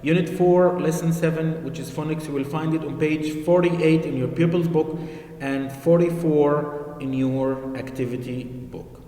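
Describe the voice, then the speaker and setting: A male teacher giving an online phonics lesson to children, slow and patient, repeating key words. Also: fairly high pitch, steady tone, mellow. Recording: echoey room with long reverb.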